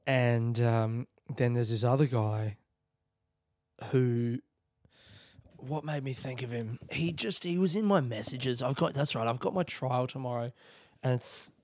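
A young man rambles through a solo podcast episode, swearing freely and laughing at his own ideas. His voice sits at an ordinary middle pitch. The sound is dry and close, with no room echo. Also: a little slow, darkish tone. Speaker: podcast host, comedian. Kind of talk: casual solo podcast rant.

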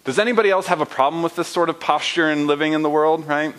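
A man's voice: fairly high pitch, fairly even intonation, fast, fairly bright tone, poor audio. A young adult man preaching a sermon in a conversational way, often asking listeners rhetorical questions and checking in with "right?". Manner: uses fillers and "right?" often. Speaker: pastor.

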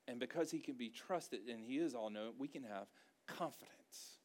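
A man's voice: mid-range voice, normal speed, darkish tone. A man preaching a sermon to a congregation in a church, with a conversational style and emphatic repeated phrases. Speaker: pastor.

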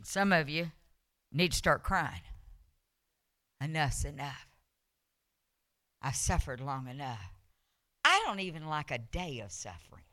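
A woman preaching a revival sermon, telling a personal testimony, swinging from soft storytelling to loud, emotional preaching. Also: low-pitched, very animated, measured pace, pauses often, no echo.

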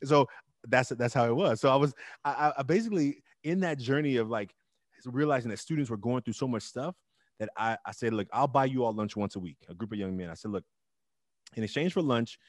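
Middle-aged guy telling his story, emphatic, gets loud, dry close sound, medium voice. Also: medium pitch, brisk, no echo. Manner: emphatic and animated, loud bursts. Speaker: interview guest, teacher and club founder. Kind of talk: casual interview storytelling.

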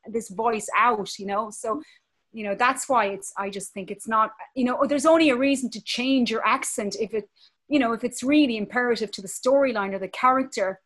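Animated Irish woman, fairly high voice. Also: normal speed. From Ireland. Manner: animated and passionate. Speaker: interview guest, actress. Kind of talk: conversational interview.

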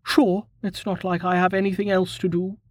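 A man's voice: very high voice, lively intonation, slow pace, dry recording, clean studio sound, pitched above the performer's own voice, full character voice. A man voicing an eager, pouty young woman adventurer who talks urgently. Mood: eager, pouting.

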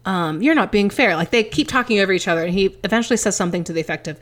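A woman's voice: fairly low pitch, rapid-fire. A woman co-hosting a podcast, chatting casually, laughing and swearing. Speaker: podcast co-host. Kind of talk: casual chat.

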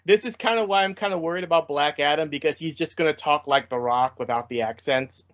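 A man's voice: a little high, a little fast, a bit bright, no echo. A man co-hosting a casual movie podcast, retelling the plot and quoting characters. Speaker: podcast co-host. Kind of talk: casual movie review chat. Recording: dull lo-fi dry sound.

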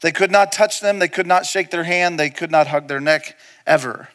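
A man preaching a sermon to a church hall, telling a story and often dropping into a soft, intense hush for emphasis. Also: fairly high pitch, normal speed. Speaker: pastor.

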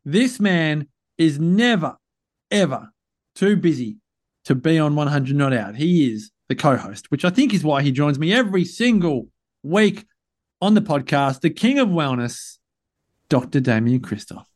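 A man's voice: on the high side, very animated, a little slow, a little mellow. Upbeat chatty male podcast host. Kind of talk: casual podcast chat.

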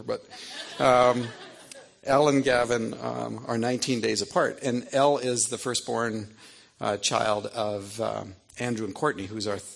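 Gravelly middle-aged man telling stories. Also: on the low side. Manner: rambling anecdotal, self-amused asides. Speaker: author speaking to an audience. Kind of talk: humorous storytelling talk.

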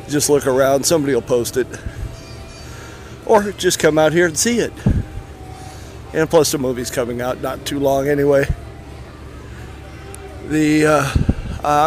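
A man hosting a podcast in a casual, rambling way with many filler uhs, partly recorded outdoors at a theme park. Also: mid-range voice. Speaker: podcast host.

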